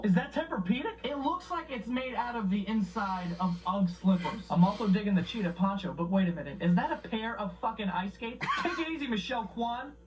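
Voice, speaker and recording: A man's voice: high-pitched, recorded from a distance, poor audio. A man giving profane comedic commentary, incredulous and mocking, swearing often.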